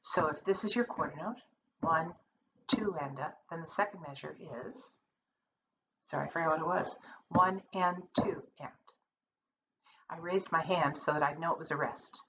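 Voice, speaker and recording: A woman's voice: low-pitched, moderate pace. A woman music teacher giving a lesson, counting beats and singing rhythms aloud and correcting herself as she goes. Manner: self-correcting, plain-spoken. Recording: dull lo-fi recording, faint hiss.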